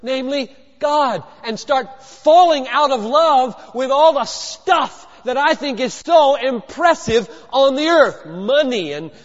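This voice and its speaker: A man with a high-pitched voice preaches a sermon, swinging from near-whispers to loud emphatic bursts. He drives his points home with rhetorical questions and repetition. The sound is dull and lo-fi, with long reverb from a large hall. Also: animated, slow, hardly any pauses. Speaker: pastor.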